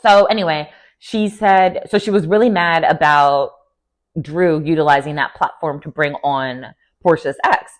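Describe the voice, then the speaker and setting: A young woman casually recapping a reality show in a chatty, gossipy way, often slipping into quick playful quotes. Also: low-pitched. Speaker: TV recap vlogger.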